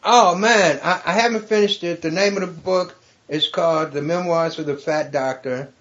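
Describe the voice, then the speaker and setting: Joke-telling man, chatty and loud-laughing. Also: a little high, moderate pace, lo-fi sound. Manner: storytelling, builds jokes and laughs loudly at his own punchlines. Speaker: comedian guest. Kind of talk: casual podcast chat with joke telling.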